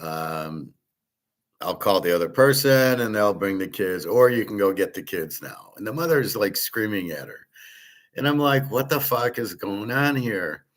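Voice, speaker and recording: On his own show, a middle-aged host talks at normal speed in a voice on the low side with lively intonation, wandering through a loose, digressive monologue full of false starts and filler.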